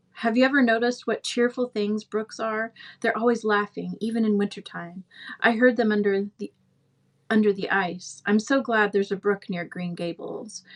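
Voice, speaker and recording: A woman's voice: mid-range voice, natural voice. Lady reading as a gushy dreamy orphan girl, talks and talks, storybook read-aloud. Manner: gushing, talkative. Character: chatty dreamy orphan girl, eager and imaginative.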